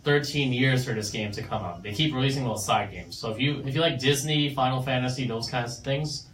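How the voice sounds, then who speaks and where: A man's voice: mid-range voice, fairly quick, a bit bright. A man in his twenties co-hosting a casual radio chat show, laid-back and rambling. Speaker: radio co-host. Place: small radio studio. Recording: roomy studio sound, mic at a distance, faint noise.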